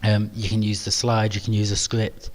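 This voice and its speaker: British male webinar host, lowish flat voice, halting and self-effacing, lots of ums. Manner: hesitant, many ums and restarts; modest, self-deprecating. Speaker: webinar presenter. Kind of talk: live webinar Q&A.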